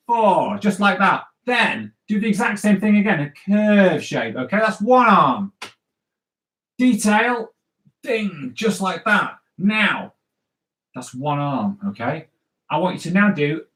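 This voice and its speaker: Upbeat man, fairly high voice, running a live kids' drawing lesson in an echoey room. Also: a bit bright. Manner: upbeat, chatty, keeps checking "all right?". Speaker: comics drawing teacher. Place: indoors at home. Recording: roomy echo.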